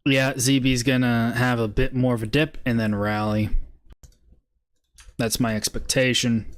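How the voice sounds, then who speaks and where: Slow-talking man reviewing charts. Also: mid-range voice, flat delivery, clear, resonant tone. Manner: laid-back, muttering, bursts of swearing laughter. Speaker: trading stream host. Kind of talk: casual live-stream market commentary.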